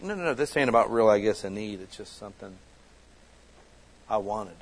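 A man's voice: on the low side, expressive, normal speed, long pauses, low-quality recording. A man preaching a casual, conversational sermon that builds to passionate emphasis as a church pastor. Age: adult with children.

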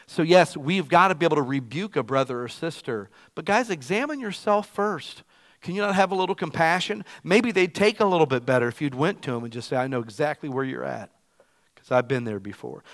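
A man preaching a sermon in a casual, emphatic way, often saying "man". He swings between loud bursts and quiet, low asides.

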